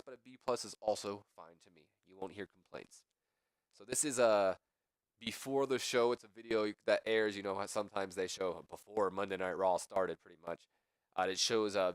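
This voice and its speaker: A young man talks through a game in a casual, rambling way, thinking aloud as he goes. His voice sits fairly low and sounds dry and close. He keeps padding his sentences with easy fillers. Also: dry recording. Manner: rambling, thinking aloud, says "pretty much" often. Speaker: let's play commentator.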